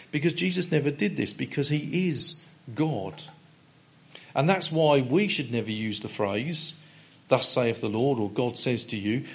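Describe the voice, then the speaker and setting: A man preaching an expository sermon. He reads a passage aloud and then explains it with emphatic stresses, using some filler pauses and restarts. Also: a little high, vocal fry.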